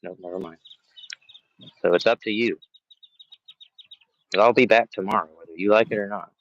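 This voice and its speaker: A man's voice: on the low side, normal speed, muffled recording, slight background noise. A man chatting on a live fishing stream outdoors by the water, playfully taunting the fish he is after. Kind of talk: casual live-stream chat.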